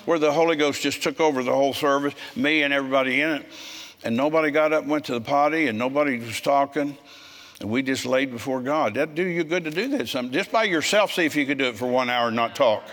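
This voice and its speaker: A man in his seventies preaching a sermon, telling stories bluntly and growing forceful when he scolds. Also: a little high, fast. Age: 70s. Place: church service with congregation.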